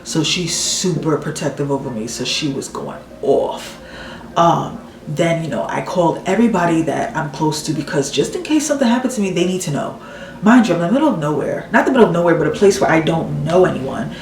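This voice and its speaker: A woman's voice: deep voice, fairly quick, echoey room, recorded from a distance, slight background noise, low-quality recording. A woman telling a story casually, venting and acting out what people said while doing her makeup. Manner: animated, exasperated storytelling with acted-out quotes. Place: home room, doing makeup while talking.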